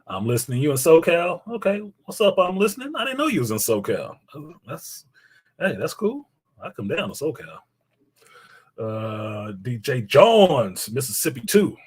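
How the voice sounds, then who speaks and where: A husky man hosts a casual live stream, his pitch bouncing up and down as he talks. He jokes around, swears freely and reads viewers' chat messages aloud. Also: big pitch swings, normal speed, low-quality recording. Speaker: livestream host.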